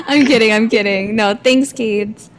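A woman's voice: fairly high pitch, very animated, slow, a little hiss or hum. A woman with a Filipino accent hosting a casual livestream, bubbly and giggly as she chats with viewers. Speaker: livestream host.

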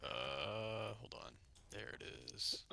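A man's voice: fairly low pitch, expressive, slow pace, creaky, background noise. A man in a casual voice chat, mumbling and making joking asides.

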